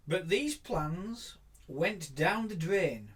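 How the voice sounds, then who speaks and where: A man's voice: sits high, expressive, very slow, husky. A man co-hosting a casual podcast, reading a news story aloud with giggles and dry asides. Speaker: podcast co-host.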